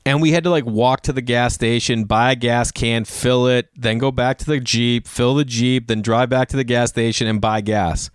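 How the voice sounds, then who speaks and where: A man's voice: medium pitch, fairly even intonation, moderate pace, hardly any pauses, clean tone, no echo. Man, 30s, casual podcast monologue, rambling and jokey, dry close mic. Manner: rambling, jokey, acts out quotes in a raised voice. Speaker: podcast host.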